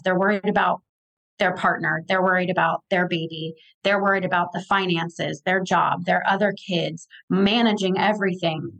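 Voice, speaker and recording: A woman's voice: fairly low pitch, low-quality recording. A woman, giving practical advice in a casual conversation. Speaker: podcast guest.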